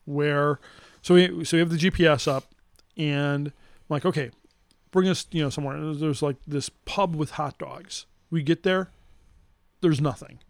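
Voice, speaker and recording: A middle-aged man telling a long road-trip story in casual chat, rambling and animated with restarts. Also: on the high side, normal speed, gravelly, dry recording, studio quality.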